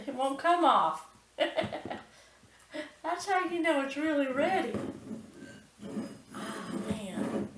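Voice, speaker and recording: A woman's voice: high-pitched, roomy sound, far from the mic, noisy background. A woman hosting a cooking channel, talking through a recipe step by step and exclaiming with delight.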